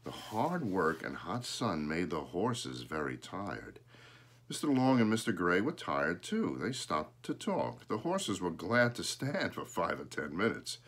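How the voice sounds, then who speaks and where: Lively low-voiced man reading a storybook. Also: husky. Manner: animated, pausing to point at pictures. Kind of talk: reading a children's book aloud.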